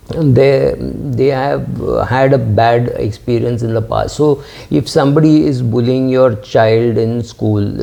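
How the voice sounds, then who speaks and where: In a dull lo-fi recording, a middle-aged man with a medium-pitched, gravelly, dark voice goes through viewer comments on his finance channel. His answers are casual and hesitant, peppered with fillers and false starts.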